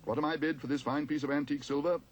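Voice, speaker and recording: A man voicing a brisk male auctioneer in a storybook reading, calling out bids in a loud sing-song. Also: fairly high pitch, fairly even intonation, highs cut off, voice pushed up, lightly acted.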